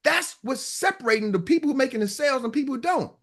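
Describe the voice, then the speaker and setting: Emphatic high-voiced sales coach, man. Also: lively intonation, quick pace, a bit bright. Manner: emphatic, repeats himself, acts out customer lines. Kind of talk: motivational coaching talk.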